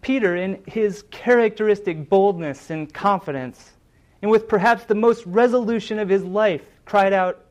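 High-voiced man preaching a sermon. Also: normal speed, a little mellow. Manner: earnest, dramatic retelling of scripture with emphatic quoted lines.

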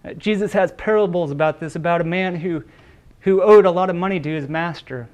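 Male pastor, high-pitched, earnest sermon delivery with small restarts. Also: a little fast, a little mellow. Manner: earnest preaching with repeated words and brief restarts.

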